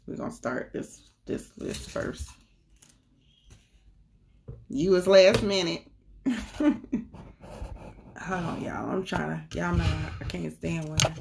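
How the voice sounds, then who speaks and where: Casting: young woman, low gravelly voice, relaxed livestream host. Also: takes it slowly, pauses often, slight background noise. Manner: relaxed, greets viewers, talks to the chat. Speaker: spiritual reader hosting a livestream. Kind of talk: casual livestream chat.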